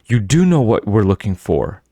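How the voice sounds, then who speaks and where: A man's voice: on the low side, very animated, normal speed, dark tone, no room sound, clean studio sound. A man voicing a nervous young boy asking anxious, startled questions in an audiobook. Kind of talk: audiobook character voice.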